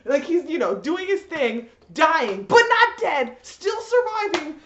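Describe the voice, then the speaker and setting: A woman ranting in a rambling, animated way, full of fillers, in a roomy, slightly dull recording. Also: sits high, a little slow, a little hiss or hum. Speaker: vlogger. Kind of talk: ranting commentary.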